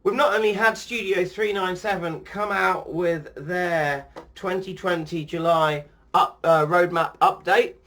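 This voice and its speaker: A man's voice: sits high, fairly even intonation, a little slow, a bit bright. A man chatting casually in a vlog about sim racing updates and his life, rambling with frequent ums and restarts.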